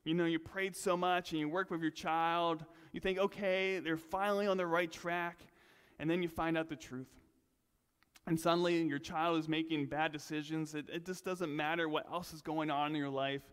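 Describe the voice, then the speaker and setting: A male pastor preaching a sermon in a relaxed, conversational way, with self-deprecating asides. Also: fairly high pitch, moderate pace, smooth, long reverb tail. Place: church sanctuary.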